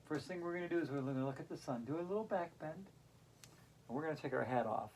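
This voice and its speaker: A woman's voice: deep voice, expressive, quick pace, a little mellow, slight background noise. A woman teaching a playful yoga routine, giggling often between her cues. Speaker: yoga instructor. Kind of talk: playful guided yoga class.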